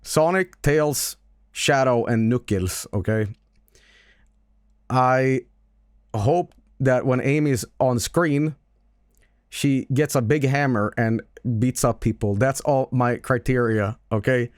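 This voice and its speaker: A man's voice: medium pitch, slow, clean tone, no echo, clean studio sound. A man streaming casual chat, rambling and stammering with lots of swearing and laughing.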